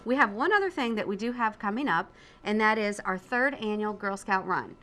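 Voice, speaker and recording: A woman's voice: mid-range voice, lively intonation, normal speed, bright, forceful tone, a little hiss or hum. A woman appearing as a guest on a morning TV show, speaking upbeat and agreeably about her organization. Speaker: fundraising director, guest. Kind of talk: TV interview guest.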